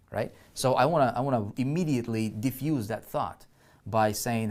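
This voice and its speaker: A man's voice: medium pitch, moderate pace, a little mellow. A man teaching online marketing on a live screen-share, chatty and full of "right?" check-ins and restarts, with keyboard typing heard behind him.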